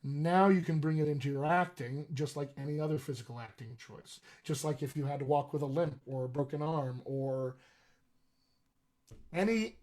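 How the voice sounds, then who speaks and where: A man's voice: fairly high pitch, darkish tone. A man teaching a live online lesson on accents as a dialect coach, explaining step by step and checking in with "all right?". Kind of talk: live-streamed acting lesson.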